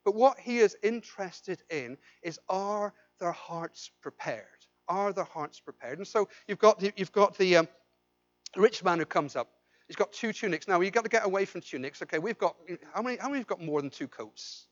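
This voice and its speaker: A man's voice: sits high, animated, brisk, muffled recording, faint music behind. A man preaching a sermon as pastor, pleading with the congregation and asking them questions, with repeated and restarted phrases. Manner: impassioned, swings from loud pleading to quiet intensity.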